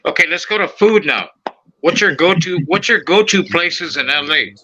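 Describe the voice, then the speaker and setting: A man's voice: fairly high pitch, moderate pace, slight background noise, low-quality recording. A man hosting a podcast, telling stories in casual chat, swearing freely and acting out the voices of the people he quotes. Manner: animated, profane, acts out quoted voices. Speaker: podcast host.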